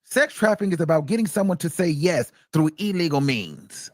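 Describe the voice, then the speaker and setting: A man's voice: fairly high pitch, animated, a little fast, dry recording. A man hosting reaction commentary, emphatic and repeating his points for stress. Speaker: commentary host.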